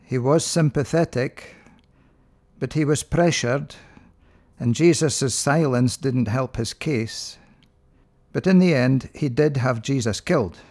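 A middle-aged minister hosts a religious radio half hour. He talks to listeners in an earnest, rhetorical manner, measured and steady, with an ordinary mid-range pitch. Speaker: minister and radio programme host. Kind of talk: radio religious programme presenting.

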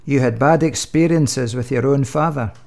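A man's voice: mid-range voice, gravelly, close to an everyday voice. Man playing fatherly God, patient, dry humor, comic church sketch. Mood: teasing. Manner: dry, gently joking, unhurried.

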